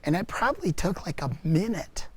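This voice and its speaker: A man giving a personal testimony to a parents group, telling his story earnestly and reflectively, with halting restarts. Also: high-pitched, sing-song, a little hiss or hum.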